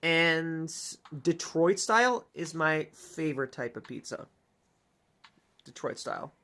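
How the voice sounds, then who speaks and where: A woman's voice: low-pitched, lively intonation, takes it slowly, fairly bright tone. A young woman streamer giving goofy, joking commentary while reading a dating game aloud. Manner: goofy, reads dialogue aloud, swears and jokes. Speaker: gaming streamer. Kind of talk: casual let's-play commentary.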